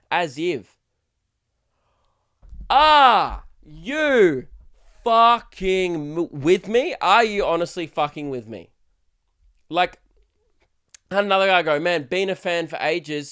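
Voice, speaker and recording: A man's voice: a little high, clean tone. Swearing Australian man ranting on a podcast. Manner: swearing, sarcastic, shouts for effect. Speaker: podcast host and comedian. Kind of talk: casual solo podcast rant.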